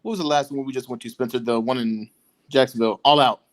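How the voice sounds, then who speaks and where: A man at a middle pitch tells a story on a casual podcast. His delivery is animated and easygoing. He keeps a relaxed, chatty tone throughout. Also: quick pace. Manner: animated storyteller, puts on voices for quoted people. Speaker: podcast co-host.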